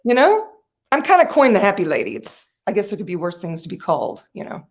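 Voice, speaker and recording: Animated woman telling a story as a guest. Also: mid-range voice, fast, creaky. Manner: animated storyteller, laughs often and acts out quoted voices. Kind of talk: conversational storytelling.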